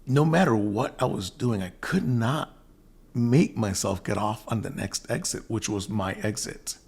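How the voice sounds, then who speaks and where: A man's voice: fairly low pitch, measured pace, creaky, darkish tone, husky. A man hosting his own show, telling a personal story in a casual, rambling way, quoting himself and restarting his sentences often. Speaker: host.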